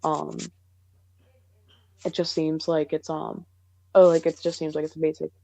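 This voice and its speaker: A woman's voice: sits low, flat delivery, a little slow, vocal fry, warm tone, lo-fi sound. A young woman co-hosting a podcast in casual chat, rambling and hesitant with lots of fillers. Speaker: podcast co-host.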